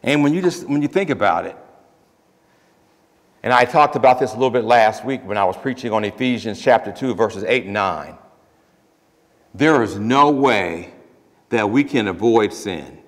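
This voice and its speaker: A man's voice: fairly low pitch, animated, normal speed, long pauses. A man preaching a sermon as pastor, talking in an emphatic, conversational way with plain everyday phrases. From Ohio. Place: church sanctuary. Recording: long church reverb.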